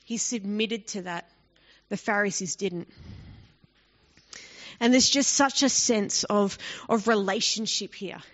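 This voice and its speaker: A woman's voice: mid-range voice, takes it slowly, pauses often. A woman teaching a Bible passage in an explanatory, conversational way, often asking the listeners rhetorical questions. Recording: dull lo-fi recording.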